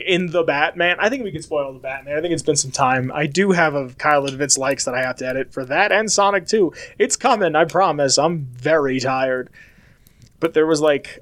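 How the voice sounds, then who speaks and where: A chatty young man from the United States rambles through a casual monologue, full of filler words. His voice sits a little high. The recording is dry and close. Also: fairly bright tone, dry recording.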